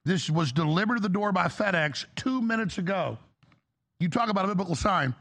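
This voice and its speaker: Male talk show host, high husky gravelly voice, excitable, bright. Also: fairly quick.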